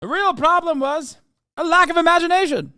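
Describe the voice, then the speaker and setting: A man putting on a pompous, old-fashioned American gentleman with a transatlantic accent. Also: very high voice, a little fast, no echo, clean studio sound, pitched above the performer's own voice, exaggerated voice. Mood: grandiose. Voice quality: grandiose, lofty, theatrical.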